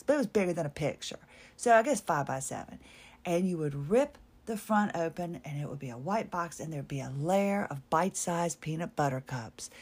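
A woman hosting a solo podcast, chatting in a rambling, nostalgic, self-mocking way and trailing off mid-thought. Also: fairly low pitch. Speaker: podcast host.

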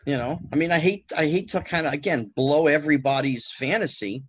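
A man talking as a podcast guest, animated and rhetorical with exasperated asides. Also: fairly high pitch, brisk. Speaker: guest, former child actor. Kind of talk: casual podcast conversation.

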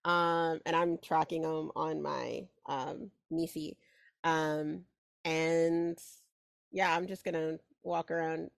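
A woman with a slightly low voice plays a tabletop game, thinking out loud with frequent ums and likes and a giggly, hesitant manner. Her voice sounds dry and close to the microphone. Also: steady tone, takes it slowly, creaky, dry recording. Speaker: player. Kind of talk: casual tabletop game play.

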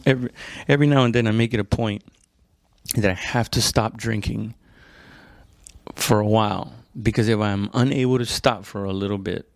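Man, podcast host type, lowish voice, swears a lot, loose rambling comic monologue, dry close sound. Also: darkish tone, dry recording. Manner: profane, rambling, restarts and self-corrections; laid-back, addresses listener as "dude". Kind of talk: casual comedic monologue.

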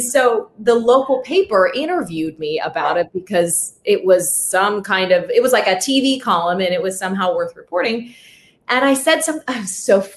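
A young adult woman hosting a podcast in casual chat, telling stories in an animated, self-deprecating way. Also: mid-range voice, normal speed. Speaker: podcast host.

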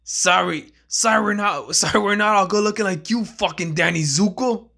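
A man's voice: mid-range voice, takes it slowly, creaky, pushed and bright, husky, exaggerated voice. A man playing a taunting male teen greaser buddy, in a raised, mocking voice. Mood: teasing.

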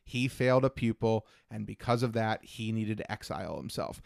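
A man's voice: lowish voice, moderate pace, vocal fry, no room sound, studio quality. A young man chatting as a podcast co-host, enthusiastic and acting out quoted lines. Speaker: podcast co-host discussing films. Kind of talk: casual chat.

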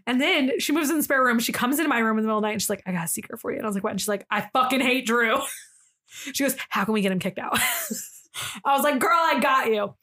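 A young woman co-hosting a podcast, telling a story in casual chat, animated, laughing often and acting out the people in it. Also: on the high side, quick pace. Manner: animated, laughing, acts out quoted voices. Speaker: podcast co-host.

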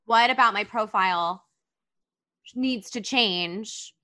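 Bright, chatty woman, dry close sound. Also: medium pitch, no echo. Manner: chatty, quick to laugh and chime in. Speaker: podcast co-host. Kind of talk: casual group chat.

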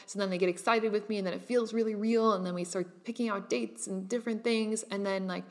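A woman's voice: mid-range voice, steady tone, fairly quick, hardly any pauses. A young woman in her twenties talking casually to her followers, chatty and rambling with lots of filler words, sometimes laughing. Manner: breaks into laughs and swears lightly. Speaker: online creator speaking to her followers. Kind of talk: casual monologue to camera.

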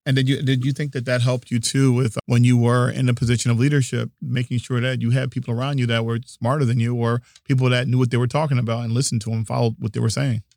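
A man's voice: mid-range voice, level tone, quick pace, creaky, hardly any pauses, a little mellow, no echo. A male interview host with a mid-range voice listens supportively and asks reflective follow-up questions. The sound is dry and close to the mic. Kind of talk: conversational interview.

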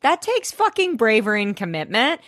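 Woman co-host, lively up-and-down delivery, foul-mouthed, acts out scenes, dry close sound. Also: fairly high pitch, normal speed, no echo. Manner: animated, swears freely, acts out lines. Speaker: podcast co-host. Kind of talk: casual chat recapping a TV episode.

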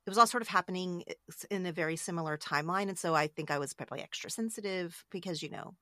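Middle-aged woman guest, bright tense voice, dry close sound, open and emotional. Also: lowish voice, fast talker, no echo. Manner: candid, emotional, with many restarts. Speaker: podcast host being interviewed. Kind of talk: casual conversation.

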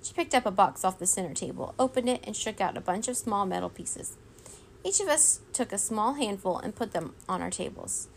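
A woman reading a children's storybook aloud in a steady, expressive way. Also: mid-range voice, fairly quick, creaky, a little hiss or hum. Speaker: reader.

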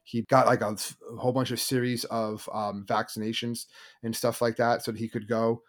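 A man co-hosting a casual chat, telling a story quickly and loosely, with many fillers. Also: medium pitch, little pitch movement. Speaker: podcast co-host.

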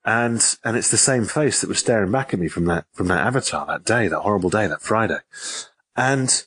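Husky low-voiced storyteller. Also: male voice, brisk. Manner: lively storyteller, repeats and restarts phrases. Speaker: author and guest. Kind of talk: telling an anecdote in an interview.

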